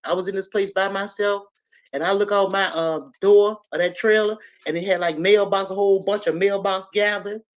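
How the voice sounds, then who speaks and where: A woman's voice: medium pitch, normal speed, muffled recording. A woman, telling a personal story and talking straight to her listeners. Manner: animated, talks straight to listeners.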